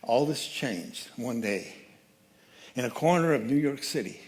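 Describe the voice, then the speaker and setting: A man giving a sermon as guest speaker at a church, telling a story with lively changes of voice. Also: mid-range voice, unhurried. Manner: animated storyteller, acts out quoted voices. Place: church sanctuary.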